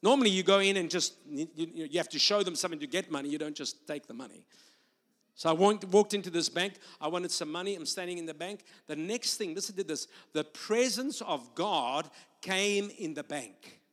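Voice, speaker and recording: Male preacher, high-pitched, shifts from storytelling into loud prophetic proclamation; long hall reverb. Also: moderate pace. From South Africa or Australia. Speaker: guest preacher. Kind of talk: sermon with prophetic ministry. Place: church sanctuary.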